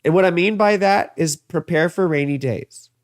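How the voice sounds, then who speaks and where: A man's voice: high-pitched, normal speed, dry recording, studio quality. Chatty man giving a casual astrology reading. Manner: chatty, rambling, frequent fillers and asides. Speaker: astrologer and tarot reader.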